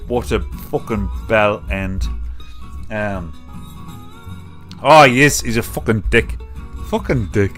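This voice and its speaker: A man's voice: fairly low pitch, slow, long pauses, a bit bright, soft background music. A tipsy man hosting a live comedy show, rambling, swearing and laughing at his clips. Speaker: livestream comedy host.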